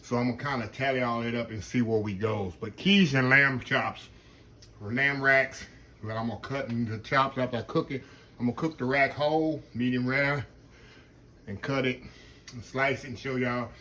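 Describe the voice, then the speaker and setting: Pushed and bright, this man's medium-pitched voice stays fairly even at a moderate pace, with slight background noise. He hosts a casual cooking vlog, chatting through bites of food and humming "mm" as he eats. He has Southern phrasing and says "y'all."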